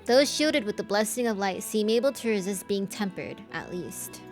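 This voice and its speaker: A man's voice: sits high, animated, normal speed, faint music behind. A woman reading out a game's earnest young male scholar in her own plain voice. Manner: plain unaccented reading aloud. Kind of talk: reading game dialogue aloud.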